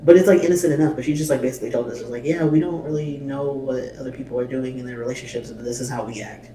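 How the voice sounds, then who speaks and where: A man's voice: medium pitch, steady tone, racing, warm tone. A man hosting a reaction video, bluntly commenting and reading subtitles aloud with swearing and exasperation. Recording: echoey room, mic at a distance, faint noise.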